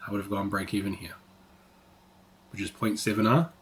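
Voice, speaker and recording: Casual swearing man with a low voice. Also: fairly even intonation, normal speed. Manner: casual, swears freely, says "like" often. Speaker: trading educator. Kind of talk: live trading stream with Q&A.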